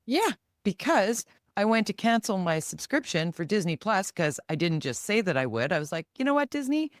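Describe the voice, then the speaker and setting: Podcast co-host, Canadian woman, middle-aged, animated storyteller, dry close mic. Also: on the low side, no room sound. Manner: animated, quick to act out quoted voices. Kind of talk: casual chat.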